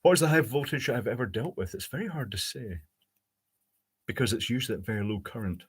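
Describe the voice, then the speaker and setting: A man building a high-voltage circuit live at his workbench, thinking aloud, answering viewers' chat and dropping dry jokes. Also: animated, brisk, slightly rough. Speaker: electronics hobbyist host. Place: home electronics workbench.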